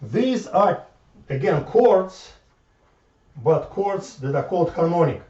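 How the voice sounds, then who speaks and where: A man lectures informally, halting and circling back over his words as he works through his ideas. His voice is fairly high but mellow. It comes from far off in an echoey room on a dull, lo-fi recording. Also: expressive. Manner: halting, repeats words, thinks aloud at the board.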